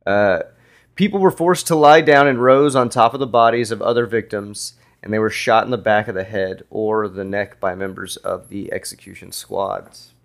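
A man co-hosting a history podcast, reading passages aloud in a relaxed, casual way with frequent fillers. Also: lowish voice, normal speed, creaky. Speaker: podcast co-host.

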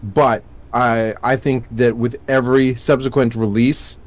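A man co-hosting a casual gaming podcast, chatty and quick to laugh. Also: mid-range voice, level tone. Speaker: podcast co-host.

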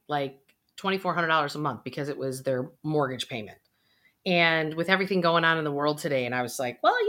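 Bright-voiced woman, energetic financial coach. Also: on the low side. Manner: energetic, animated, acts out quotes. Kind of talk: motivational talk.

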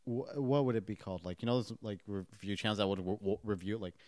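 A man's voice: fairly low pitch, quick pace, darkish tone, dry recording, clean studio sound. A young man co-hosting a podcast, rambling casually with restarts and loose swearing. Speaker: podcast co-host. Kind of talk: casual chat.

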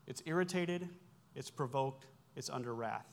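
A pastor in his forties preaches a sermon, explaining Greek words conversationally with self-corrections and wry asides. His mid-range voice is gravelly and moves at a moderate pace.

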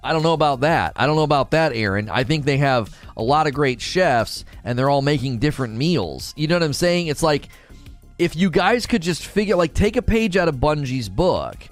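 A male streamer chatting live about a game. His delivery is lively and swings in pitch, and he restarts and repeats himself as he thinks out loud. Quiet music plays in the background. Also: normal speed. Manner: animated, rambling, repeats words. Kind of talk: casual live-stream chat. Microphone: desk mic through mixer and preamp.

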